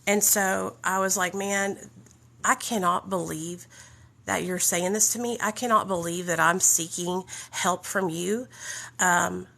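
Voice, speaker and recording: A woman's voice: on the low side, measured pace, gravelly. A woman with a Southern US accent telling a candid, profane story about her recovery. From Southern United States. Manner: blunt, profane, animated.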